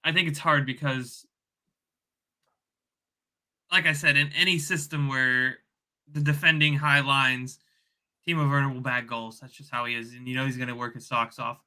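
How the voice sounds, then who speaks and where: A man speaking as a guest on a casual football fan podcast, in a measured way that repeats and restates his points. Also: mid-range voice, level tone, pushed and bright.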